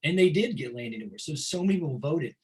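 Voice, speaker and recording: A middle-aged male teacher gives a history lecture in a loose, conversational way. His voice sits a little high for a man. He often stumbles and repeats words while he gathers his thoughts, then answers his own rhetorical questions. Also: lively intonation, fast, low-quality recording.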